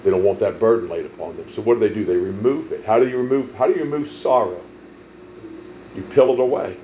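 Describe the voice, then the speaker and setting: A man preaching a sermon, telling stories emphatically and swelling loud on key lines. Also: lowish voice, fast talker, slight background noise, rough recording. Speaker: pastor.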